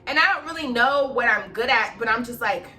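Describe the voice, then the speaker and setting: A young woman vlogger tells a storytime in a casual, animated style, swearing freely and acting out the people in it. Her voice is fairly high, very bright, and fairly quick, and she sits a little back from the mic, so it sounds distant.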